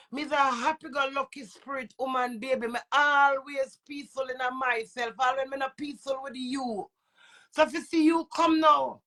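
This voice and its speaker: A woman's voice: high voice, pushed and bright. A woman with a Jamaican accent and a runny nose, ranting in heated, profane patois. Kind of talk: angry rant to camera.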